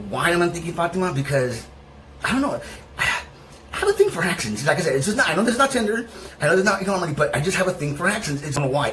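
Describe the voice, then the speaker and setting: Man, casual vlog host, rambling, lots of fillers, voice still recovering, very lively swinging pitch. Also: a little hiss or hum, poor audio. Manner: rambling, full of fillers and restarts; affectionate toward viewers. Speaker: channel host. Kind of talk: casual vlog talk to viewers.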